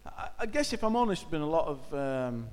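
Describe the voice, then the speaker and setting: A man's voice: on the high side, sing-song, moderate pace, clear, resonant tone, long reverb tail. A man giving an informal church talk, speaking conversationally and hesitantly with many fillers.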